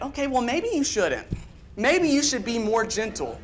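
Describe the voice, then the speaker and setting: A man preaches a church sermon in an earnest, emphatic voice. He pushes ahead in quick bursts and leans on repeated phrases to drive each point home. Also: sits high, very animated. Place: church sanctuary.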